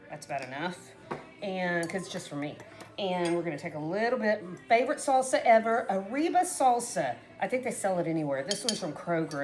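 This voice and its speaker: Woman, middle-aged, cooking vlogger, casual chat, rambling, animated pitch. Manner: chatty and rambling, often trailing off and restarting.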